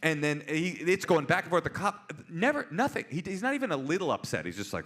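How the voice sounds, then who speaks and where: A man in his forties, a comedian and author, telling stories on stage with an animated, punchy delivery. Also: medium pitch, fairly quick, hardly any pauses. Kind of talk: live on-stage storytelling. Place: auditorium stage before an audience.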